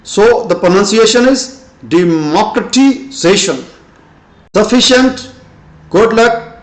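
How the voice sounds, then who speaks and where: An older man giving a pronunciation lesson, speaking slowly and deliberately with frequent pauses. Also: high-pitched, expressive. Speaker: English teacher. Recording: echoey room.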